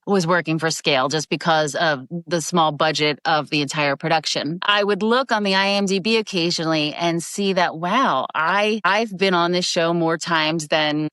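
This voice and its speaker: A middle-aged actress, telling animated stories in a casual interview and acting out quoted voices. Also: female voice, on the low side, moderate pace, few pauses, no room sound. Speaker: guest actress.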